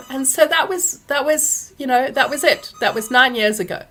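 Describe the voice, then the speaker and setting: A woman, hosting a live Q&A and telling a personal story, animated when she acts out what others said. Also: high-pitched, measured pace. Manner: animated when acting out quoted people. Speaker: workshop host answering questions.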